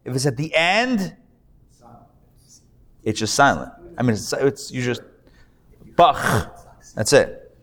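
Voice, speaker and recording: A man's voice: medium pitch, very animated, takes it slowly, pauses often, a bit bright. A man, a rabbi, teaching a live Hebrew reading class, patiently drilling pronunciations with his students. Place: classroom hall with a live audience. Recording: reverberant hall recording.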